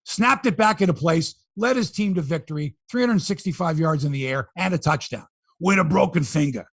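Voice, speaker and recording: A man hosting a sports podcast, running through scores in a chatty, animated way with frequent asides. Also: on the high side, fairly quick, vocal fry, no room sound, studio quality. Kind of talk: casual sports talk and news rundown.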